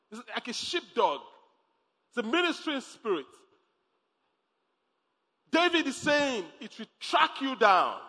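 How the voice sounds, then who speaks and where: A pastor preaching a sermon, emphatic, repeating phrases and breaking into laughs. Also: male voice, very high voice, sharp tone. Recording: long hall reverb.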